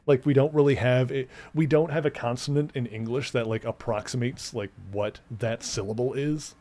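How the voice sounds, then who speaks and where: A man's voice: mid-range voice, fairly even intonation, normal speed, warm tone. Chatty man streaming a game. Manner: rambling, explains at length with many fillers. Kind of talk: casual let's-play commentary.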